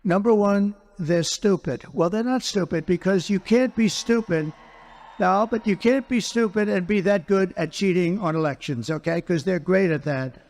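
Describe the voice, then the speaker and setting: A man with a fairly high speaking voice talks in an unscripted interview. He hammers his points and keeps repeating phrases. He speaks as a politician answering a host's questions. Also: moderate pace, a little mellow. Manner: emphatic and repetitive, circles back to phrases.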